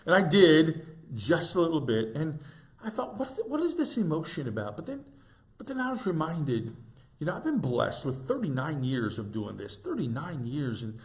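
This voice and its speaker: A man in his sixties, a pastor, giving an informal devotional reflection in a tender, halting way with gentle restarts. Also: a little high.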